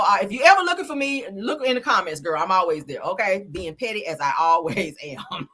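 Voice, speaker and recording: A woman hosting a livestream, reading news aloud and reacting in a sassy, animated way, swearing and calling her viewers baby and girl. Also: mid-range voice, breathy edge. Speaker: livestream host. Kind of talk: casual news commentary and ranting.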